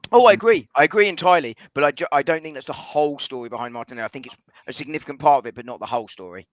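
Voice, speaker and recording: Man, rapid talker, football podcast debate, hedges and restarts, dry close sound. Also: mid-range voice, no echo. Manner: fast, reasoned, hedging with restarts. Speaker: podcast panelist.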